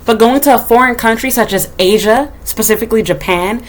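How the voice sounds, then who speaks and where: A woman's voice: on the high side, fairly quick, hardly any pauses. Casting: woman vlogger, blunt and profane, ranting straight to camera. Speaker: YouTuber. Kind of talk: casual rant to camera. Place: home in Japan.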